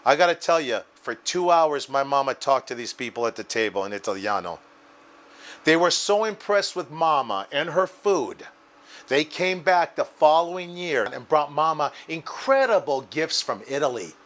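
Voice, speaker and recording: Enthusiastic cooking show host. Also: male voice, a little high, lively intonation, normal speed, fairly bright tone. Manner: enthusiastic, addresses viewers as guys. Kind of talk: cooking demonstration and anecdote.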